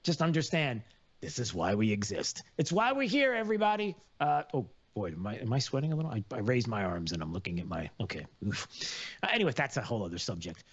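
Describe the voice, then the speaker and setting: A man hosting a live radio talk show, rambling with many fillers and sudden loud outbursts. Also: lowish voice, expressive, quick pace, slightly rough, muffled recording.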